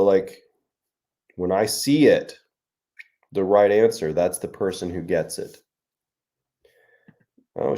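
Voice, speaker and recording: A man's voice: mid-range voice, warm tone. A man, an author, hosting a casual livestream chat, joking and laughing often.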